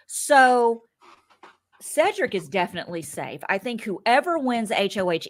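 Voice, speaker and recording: Animated woman chatting on a recap podcast. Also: medium pitch. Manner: animated, laughs often, acts out quotes. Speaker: podcast co-host. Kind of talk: casual reality-TV recap chat.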